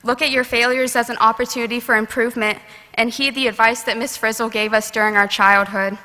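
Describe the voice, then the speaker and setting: A woman's voice: a little high, steady tone, a little fast, bright, forceful tone. A young woman in her late teens giving an earnest, heartfelt graduation speech at a podium microphone. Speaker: student graduation speaker. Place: large graduation venue. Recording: long reverb of a large ceremony hall.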